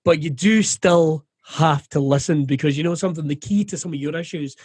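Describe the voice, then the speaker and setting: A man's voice: a little high, brisk, a little mellow, husky, no echo, clean studio sound. A Scottish man, a comedian and radio presenter, talking candidly and jokily in a casual interview, swearing freely.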